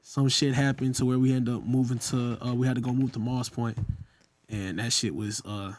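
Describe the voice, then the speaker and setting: A man's voice: mid-range voice, moderate pace. A young man from Mississippi with a Southern accent, telling stories as a podcast guest and acting out the people he quotes. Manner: animated storyteller acting out quoted voices. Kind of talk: casual podcast storytelling.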